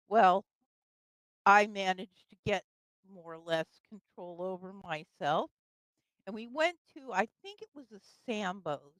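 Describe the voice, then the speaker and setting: A woman's voice: medium pitch, expressive, takes it slowly, fairly bright tone, no echo, low-quality recording. An older woman telling a personal story in casual conversation, with fillers and laughs. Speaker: guest storyteller.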